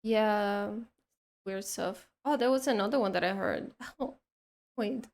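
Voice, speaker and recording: Slow-talking woman telling a story. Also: medium pitch, a little mellow. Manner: rambling, full of "like" and restarts. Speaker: streamer. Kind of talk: casual storytelling chat.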